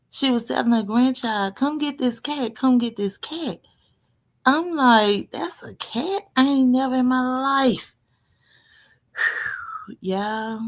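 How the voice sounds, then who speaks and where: A woman in casual live-stream chat, rambling through a story with big swings in pitch and loudness.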